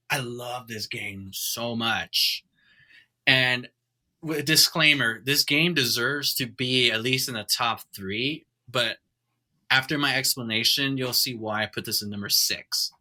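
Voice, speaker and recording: Man, podcast guest and dad, very bright voice, enthusiastic casual chat. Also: mid-range voice, animated, slow.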